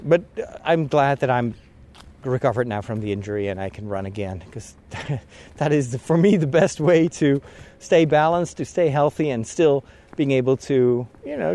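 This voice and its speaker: Out on a walk, a man vlogs in a medium-pitched, warm voice with lively intonation at a normal speed. He rambles chattily, laughs often, and is slightly winded from walking.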